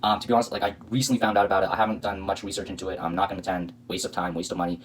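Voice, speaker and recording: A man's voice: sits low, little pitch movement, very fast, breathy edge, poor audio. A man hosting a reaction video, talking casually with sarcastic, indignant, rambling commentary.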